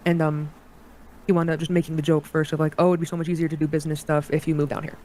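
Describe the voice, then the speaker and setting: A woman's voice: deep voice, little pitch movement, quick pace, mellow, a little hiss or hum. A woman in an interview, recounting a personal story in a hesitant way, with many restarts and quoted bits of dialogue.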